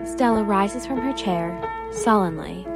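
A woman reading a prose story aloud in a measured, storytelling manner. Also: mid-range voice, creaky, loud music behind the voice. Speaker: narrator.

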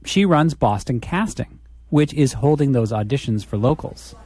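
A man's voice: mid-range voice, expressive, normal speed, dark tone, slightly rough, no echo, studio quality. A man reporting a radio feature, asking conversational, probing questions in an interview.

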